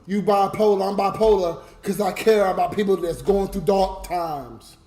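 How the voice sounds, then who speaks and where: A man's voice: high-pitched, normal speed, mellow, reverberant. A drunk man crying and ranting on a livestream, swearing and talking straight to his viewers. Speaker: livestreamer and YouTube comedian. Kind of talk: emotional late-night livestream rant.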